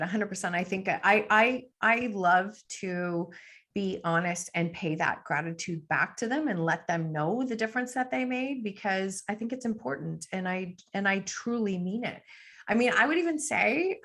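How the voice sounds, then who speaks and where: Gravelly-voiced woman podcast guest. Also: mid-range voice, a bit bright. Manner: earnest, reflective, frequent "like" fillers. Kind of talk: casual interview talk.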